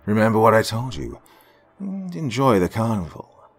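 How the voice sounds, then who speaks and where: Calm, smug carnival painter, deep and deliberate, voiced by a man. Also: husky, faint music behind, full character voice. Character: mysterious male carnival artist, calm and smug.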